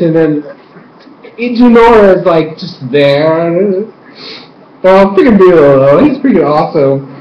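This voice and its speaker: A young man giving an excited, rambling fan recap of an episode, acting out scenes with yelps and sound effects. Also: a little high. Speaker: fan reviewer. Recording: lo-fi echoey room, faint ambience.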